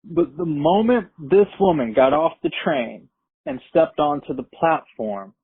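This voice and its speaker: A man spins a profane, streetwise tale with animated energy. His voice sits a bit high and comes out husky. It sounds dry and tinny, like a phone line. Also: unhurried, no echo. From Brooklyn, New York. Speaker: storyteller. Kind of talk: casual spoken storytelling.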